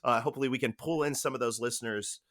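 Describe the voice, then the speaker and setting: A man's voice: medium pitch, fairly even intonation, racing, fairly bright tone, no echo, studio quality. A man hosting a podcast, talking enthusiastically in a rambling, casual way. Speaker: podcast host.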